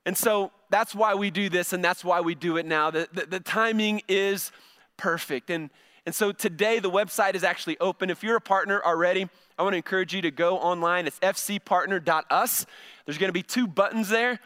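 Man, pastor, middle-aged, conversational sermon, smooth clear voice, high pitch. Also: fairly quick, a bit bright. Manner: conversational, repeats words when starting phrases.

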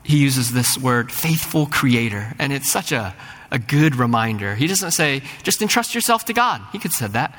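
A man's voice: medium pitch, expressive, normal speed, fairly bright tone. A middle-aged man preaching a sermon in a church sanctuary, earnest and building to fervent rising peaks, often repeating words as he starts a thought. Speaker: pastor. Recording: long hall reverb.

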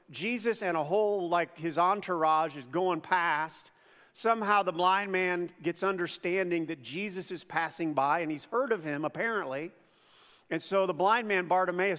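A male pastor delivers a sermon in a casual, animated way, acting out the voices of the people in his stories. His voice sits high. The sound carries a long reverb from the church hall. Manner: conversational, animated storytelling with acted-out quotes. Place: church auditorium.

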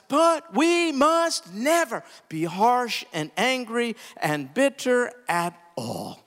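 A man preaching a sermon, impassioned, climbing to emphatic peaks and then dropping low and quiet. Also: in a large hall. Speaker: pastor.

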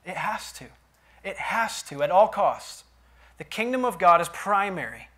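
A man preaching a sermon in a church, dropping to quiet asides and rising to loud emphatic lines. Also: high-pitched, very animated, unhurried. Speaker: pastor.

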